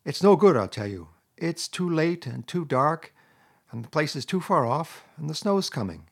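A man voicing a timid, tearful male mole who talks in broken sobs, with a husky voice. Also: a little high, big pitch swings, normal speed, voice pushed up, exaggerated voice. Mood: pleading. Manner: sobbing, broken pleading.

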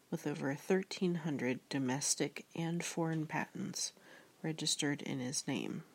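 A woman narrating an audiobook in a measured, reflective reading style. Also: sits low, breathy edge.

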